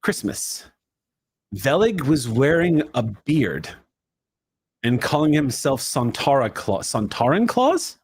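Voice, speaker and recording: A man's voice: medium pitch, very animated, takes it slowly, breathy edge. A man as game master, giving dramatic second-person narration for a tabletop role-play, shifting his pace from swift to drawn out.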